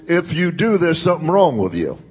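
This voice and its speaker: A man preaches to his congregation in a church, his voice high and a little husky. He takes his time, stretching phrases for emphasis and calling for responses. The sound rings out with a long hall reverb. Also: very animated, fairly quick, darkish tone. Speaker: pastor. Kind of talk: sermon. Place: church sanctuary.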